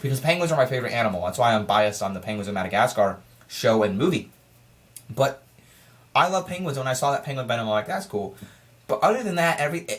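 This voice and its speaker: An excitable reviewer talks through a film in a loose, casual vlog style. Sentences often stall and restart with stammered repeats. The voice sits at an ordinary middle pitch and keeps piling up frustrated questions. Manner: frustrated, rhetorical, asks itself questions.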